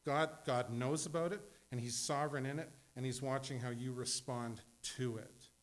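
A middle-aged pastor delivering a sermon to his congregation. He talks in an easy, conversational way at a middle pitch, with frequent asides and self-corrections. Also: fairly even intonation, moderate pace.

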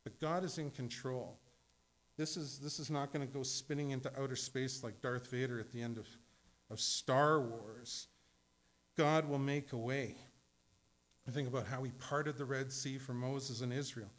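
A middle-aged pastor delivering a sermon to his congregation. He talks in an easy, conversational way at a middle pitch, with frequent asides and self-corrections. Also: steady tone, normal speed.

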